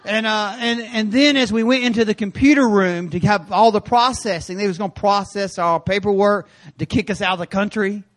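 A man preaching in a church sanctuary, his voice sitting high for a man. He tells stories with energy, jumping from loud, punchy lines to quiet asides. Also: fairly quick, hardly any pauses. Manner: animated storytelling with sudden loud and quiet turns. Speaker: guest preacher. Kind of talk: sermon.

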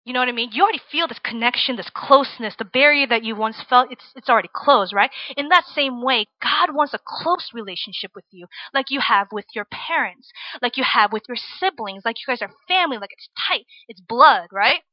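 Speaking briskly and expressively with few pauses, a young Virginia-born preacher delivers a chatty sermon to students in a fairly high voice. "Right?" and "like" pepper her points. The sound is dull, without echo.

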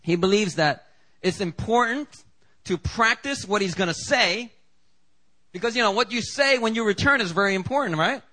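A man's voice: sits high, lively intonation, moderate pace, bright, forceful tone. A man preaching a sermon in a casual, conversational way, acting out the quoted lines with big jumps in voice. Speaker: pastor.

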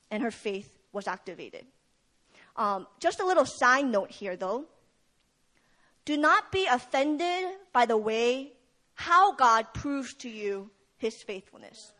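Young woman, high voice, casual sermon storyteller with a lot of fillers. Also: sing-song, slow, sharp tone. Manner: retells the story with acted quotes, casual fillers. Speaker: speaker at a prayer meeting.

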